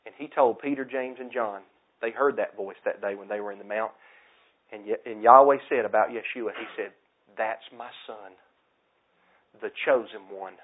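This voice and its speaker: A man preaching a sermon with passion, repeating his points and swinging from loud declarations to hushed asides. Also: on the low side, brisk. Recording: tinny phone-like sound.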